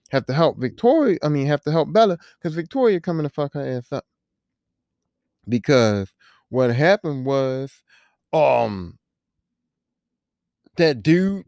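A podcast host ranting about a movie in a casual, profane, animated way, full of rhetorical questions. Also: medium pitch, dry recording, clean studio sound.

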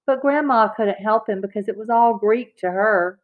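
A woman narrating a children's chapter book aloud in a clear, expressive read-aloud manner. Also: mid-range voice, normal speed. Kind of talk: children's audiobook reading. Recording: slightly dull, lo-fi recording.

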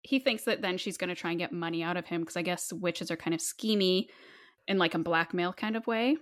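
A woman's voice: fairly low pitch, brisk. A young woman co-hosting a casual book discussion, sarcastic and swearing freely with lots of "like.".

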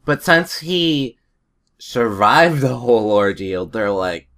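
A man's voice: medium pitch, lively intonation, slow, a bit bright. A man in a casual chat, telling rambling stories and chuckling often.

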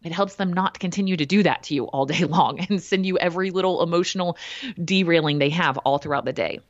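Blunt, animated woman on a dull line. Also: fairly low pitch, quick pace, no echo. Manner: animated, blunt storytelling with quoted asides. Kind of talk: casual chat. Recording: dull lo-fi dry sound.

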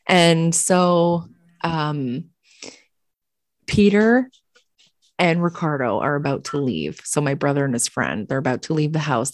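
Lower-pitched woman telling a story, dry sound. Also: dry recording. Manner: animated, profane, laughs often. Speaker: podcast co-host. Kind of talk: casual storytelling chat.

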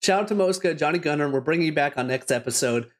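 Slightly high-voiced guy hosting a chill podcast, laughs a lot. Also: lively intonation, fast. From Canada. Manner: upbeat, rambling, laughs often. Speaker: podcast host.

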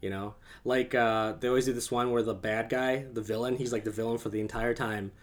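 Male podcast host, casual and rambling, quick to laugh. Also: medium pitch, steady tone. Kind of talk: casual chat.

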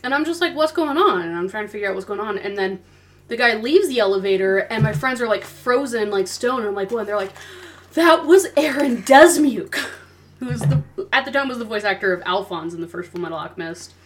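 A woman hosting a podcast, telling stories in a chatty, bubbly way. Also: medium pitch. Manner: chatty storytelling, fast and bubbly. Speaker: podcast host. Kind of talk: casual chat.

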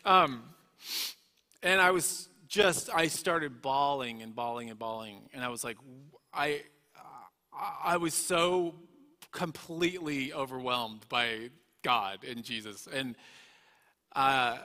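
Earnest male storyteller with a bright, slightly high voice, recorded in an echoey hall. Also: slow. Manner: earnest, emotional storytelling with many restarts. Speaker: guest speaker. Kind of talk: personal testimony.

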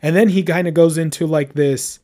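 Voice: medium pitch, fairly even intonation, a little fast, dark tone. A podcast co-host recapping a horror film's scenes in casual chat, with lots of "like" and "um". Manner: recaps scenes with many likes and ums. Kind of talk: casual film review chat.

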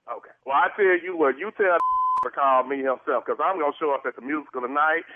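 A man's voice: a little high, fast talker. A man on a phone call, sassy, defiant and dramatic, arguing back at the caller. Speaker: choir director being pranked. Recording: tinny phone line.

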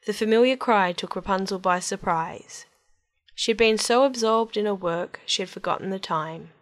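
A woman's voice: medium pitch, moderate pace. Woman reading a storybook aloud.

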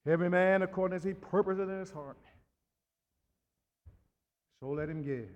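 A man's voice: high-pitched, normal speed, darkish tone. A male pastor preaching a sermon, laughing, repeating words and calling for amens. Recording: long reverb of a church hall.

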